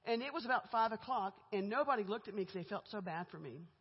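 A guest speaker, a middle-aged woman, laughs between lines while giving a candid, conversational testimony about her own life. She talks at a quick pace, with lively intonation and a breathy edge to her medium-pitched voice. The church sanctuary setting makes the audio echoey and muffled.

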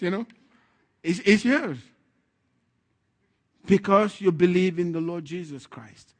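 A man with a high, bright-edged voice preaches with fervent conviction to his congregation. He swings between loud declarations and soft chuckling asides. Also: slow pace, pauses often. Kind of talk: sermon.

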